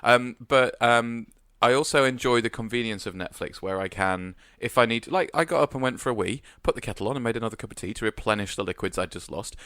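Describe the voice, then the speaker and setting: A man's voice: medium pitch, quick pace, few pauses, a bit bright, clear, resonant tone, no room sound. A man co-hosting a podcast in a radio studio, rambling casually with lots of hesitant fillers. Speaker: podcast co-host. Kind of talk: casual chat.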